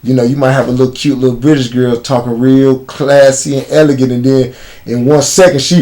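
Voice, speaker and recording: Chicago man, mid-pitched voice, blunt street-slang storyteller for an interview guest spot. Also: little pitch movement, brisk, mellow. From United States.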